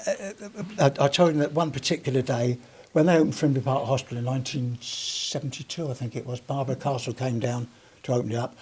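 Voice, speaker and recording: A man's voice: mid-range voice, darkish tone, slightly rough. An older man, a retired police officer, giving a rambling, chatty anecdotal talk to a live audience. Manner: rambling, chatty storyteller with many restarts. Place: heritage gallery talk.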